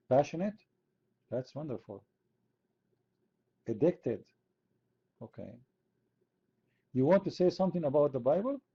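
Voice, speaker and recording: A man's voice: on the high side, very animated, takes it slowly, pauses often, slightly rough, dull audio. A man from the Middle East, hosting an online chat room debate in a sarcastic, mocking, argumentative way. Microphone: computer mic.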